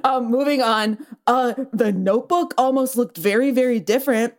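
A woman's voice: fairly high pitch, moderate pace. A woman hosting an entertainment news show, recapping stories in a casual, chatty way and laughing often. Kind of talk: casual chat.

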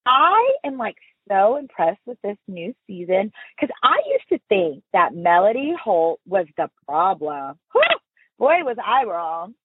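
Lively woman telling stories over a call. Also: mid-range voice, measured pace, slight background noise. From Houston, Texas. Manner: animated storyteller, laughs often. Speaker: podcast guest. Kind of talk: casual interview chat. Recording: phone-like remote call audio.

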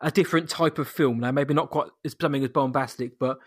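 Measured man chatting, dry sound. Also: mid-range voice, steady tone, husky, no echo. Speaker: podcast co-host. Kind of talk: casual chat.

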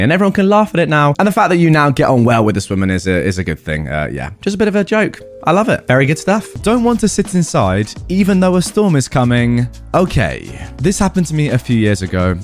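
British male storyteller, bouncy animated delivery, wry asides, soft music underneath. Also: mid-range voice. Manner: wry, amused asides between readings. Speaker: story narrator and commentator. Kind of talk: reading online stories aloud with casual commentary.

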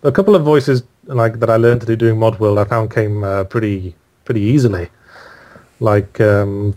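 British guy, low voice, dry self-deprecating humor, talks in quick bursts in an interview. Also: darkish tone. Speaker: author and guest. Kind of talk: casual interview chat.

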